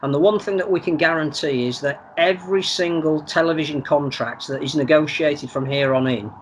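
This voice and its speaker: A man giving measured, analytical opinions on a sports podcast, often repeating words as he thinks. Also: a little high, slight background noise. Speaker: podcast pundit. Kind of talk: casual sports podcast chat.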